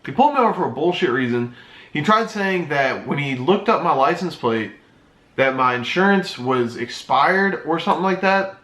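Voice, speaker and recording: Young male YouTuber, bright and fairly high, rambling and swearing, roomy echo. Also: lively intonation, moderate pace. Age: 20s. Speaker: YouTuber and streamer. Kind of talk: casual story time.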